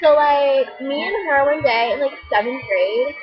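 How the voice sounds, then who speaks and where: A woman's voice: high-pitched, a little slow, over music. A young woman chatting casually to a webcam, giggly and full of "like". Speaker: vlogger. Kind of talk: casual chat to camera. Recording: lo-fi home webcam audio.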